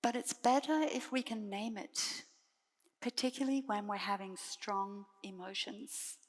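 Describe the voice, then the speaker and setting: Woman, Buddhist nun, dharma talk, unhurried, soft-spoken, long hall reverb. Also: medium pitch, fairly even intonation. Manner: gentle, measured, soft-spoken with pauses.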